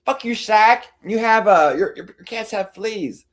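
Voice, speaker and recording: A man doing a mocking imitation of an angry woman friend, in a high, drawn-out, sneering voice. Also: fairly bright tone. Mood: snippy.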